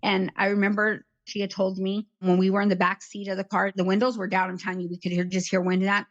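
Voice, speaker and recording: A woman's voice: mid-range voice, flat delivery, fast talker, muffled recording. A woman in her fifties, an interview guest, recalling a painful past in a rambling way that jumps from one memory to the next. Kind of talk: emotional personal recollection.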